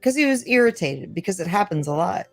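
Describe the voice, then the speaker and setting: Animated, swearing woman co-host. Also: medium pitch, fast talker, vocal fry, no echo, faint music behind. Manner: animated, swears, acts out quotes. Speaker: podcast co-host. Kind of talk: casual chat.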